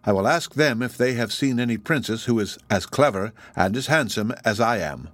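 A man's voice: mid-range voice, animated, normal speed, a bit bright, dry recording. A man reading the part of a vain, proud king in a lofty, commanding manner. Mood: haughty.

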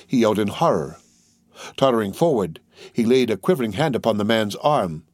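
A man's voice: fairly low pitch, lively intonation, brisk, dry recording. Man reading an audiobook, dry sound. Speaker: narrator. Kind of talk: audiobook narration.

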